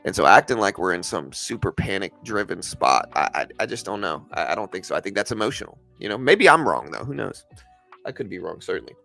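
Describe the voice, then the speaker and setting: Man, livestream host, casual market talk, bright forceful voice, animated pitch, argues with viewers, restarts often. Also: a little fast, gravelly, soft background music. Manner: argumentative, talks straight back to viewers; repeats himself, stumbles and restarts. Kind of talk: casual livestream market commentary answering chat.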